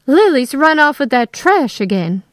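Shrill snapping older mother, as a woman puts her on. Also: expressive, slow pace, no room sound, clean studio sound. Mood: indignant. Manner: snapping, high and loud.

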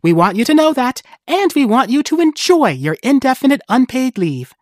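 A chirpy corporate HR woman, voiced by a storyteller, speaking in a bright and falsely cheerful way. Her lines bounce high and move through a very lively melody. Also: a little fast, no echo, clean studio sound.

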